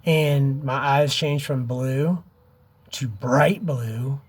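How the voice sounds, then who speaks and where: A man's voice: medium pitch, very slow, husky. A man in his fifties speaking urgently and emotionally to his camera, pleading with viewers, his voice close to tears, and he keeps saying "dude" and "man". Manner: emotional and wavering, near tears. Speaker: vlogger. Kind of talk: impassioned direct-to-camera vlog.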